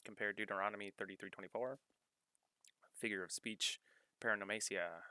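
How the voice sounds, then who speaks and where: Male scripture reader, deep and sharp-edged, measured study-note delivery. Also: fairly even intonation, dry recording. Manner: measured, deliberate reading, pausing to cite references. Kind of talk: reading scripture aloud with study-note commentary.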